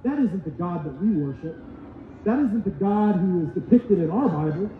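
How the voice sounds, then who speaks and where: A man's voice: high-pitched, lively intonation, moderate pace, a little hiss or hum. A man acting out scornful religious critics who dismiss a teaching as foolishness. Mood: scoffing. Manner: scoffing. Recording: echoey hall, tinny lo-fi sound.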